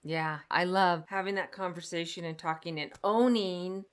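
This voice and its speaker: A woman's voice: fairly low pitch, steady tone, normal speed, clean tone. A woman hosting a parenting podcast, asking her guest questions in an affirming, conversational way. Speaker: podcast host. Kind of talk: conversational interview.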